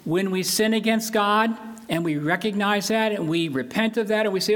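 An older man delivers a sermon from the pulpit in an earnest, emphatic way. His voice sits high for a man, and he drives his points home by repeating phrases. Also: moderate pace, a bit bright. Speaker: pastor.

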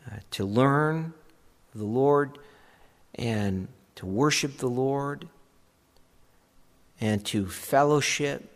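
A man preaching a sermon as pastor, talking in a conversational way and animated with asides. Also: mid-range voice, drawn-out words, pauses often, in a large hall.

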